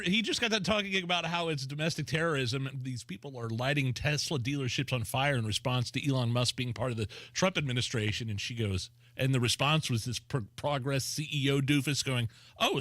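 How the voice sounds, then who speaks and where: A man's voice: medium pitch, a little fast, hardly any pauses, fairly bright tone, no room sound. A man co-hosting a talk radio show, reacting in an incredulous, mocking way into a studio microphone. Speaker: radio co-host.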